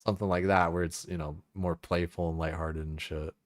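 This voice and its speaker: Low-voiced man in casual stream chat. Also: flat delivery, brisk, no echo, clean studio sound. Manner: rambling, profane, filler-heavy. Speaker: game streamer.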